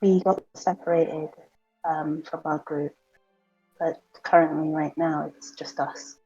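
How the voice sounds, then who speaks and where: A woman voices her character in a tabletop game, hesitant and full of "um"s. Her voice is low and mellow with a husky edge. The sound is dull and muffled. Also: fairly even intonation, takes it slowly, faint music behind. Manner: hesitant, many "um"s. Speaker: player.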